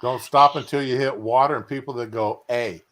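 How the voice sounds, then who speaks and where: A man's voice: mid-range voice, fairly even intonation, brisk, a bit bright. A man hosting a stream, chatting casually and joking, drawling and trailing off with fillers. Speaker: stream host. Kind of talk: casual chat. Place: home, at bed.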